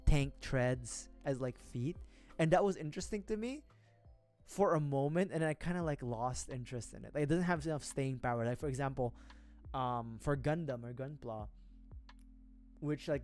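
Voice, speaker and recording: A man livestreams while building a model kit, rambling casually in a mid-range, darkish voice at normal speed. He mutters to himself as he works and swears often, with faint music in the background.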